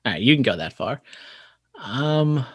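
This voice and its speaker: A man from California co-hosting a casual podcast, measured and a little skeptical, pausing to find his words. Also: mid-range voice, very animated, husky, dry recording, studio quality. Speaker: podcast co-host.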